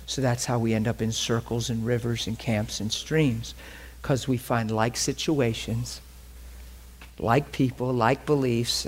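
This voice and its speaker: Husky guy preaching, telling a story to the church, keeps asking do you follow me. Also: mid-range voice, a little mellow. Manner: conversational storytelling, checks listeners follow. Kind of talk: sermon.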